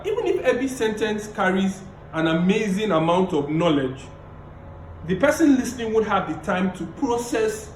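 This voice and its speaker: A man giving a public speaking lecture over a video call, emphatic and repeating key phrases, deliberately playing his tone up and down. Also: high voice, lively intonation, echoey room, slight background noise, poor audio. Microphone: video call mic.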